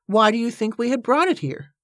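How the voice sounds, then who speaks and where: A woman's voice: on the low side, lively intonation, moderate pace, no room sound, clean studio sound. A woman doing a bossy, commanding lady organizer. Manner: firm, commanding, impatient. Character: bossy, imperious middle-aged woman organizer.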